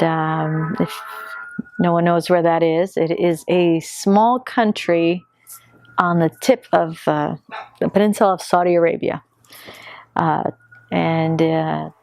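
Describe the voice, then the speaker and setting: A woman in her fifties from Yemen, sharing her family's story in a hesitant way, pausing often on fillers. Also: on the low side, a little mellow, no room sound, studio quality. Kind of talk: personal testimony.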